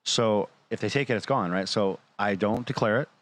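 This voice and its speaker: Man, lowish voice, animated storyteller who voices the people he quotes, blunt and profane. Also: normal speed. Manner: animated retelling, acting out quoted dialogue; blunt, swears freely. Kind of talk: casual storytelling.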